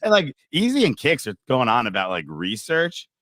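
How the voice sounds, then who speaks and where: A man's voice: mid-range voice, wildly swooping pitch, moderate pace, a bit bright, dry recording, clean studio sound. A man on a casual podcast, teasing the others and calling them "dude" and "bro". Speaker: podcast co-host. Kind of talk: casual crypto chat.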